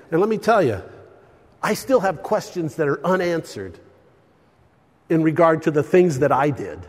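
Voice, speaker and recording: An older man preaching a sermon, telling stories with lively swings between loud and hushed delivery. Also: a little high, normal speed, pauses often, in a large hall.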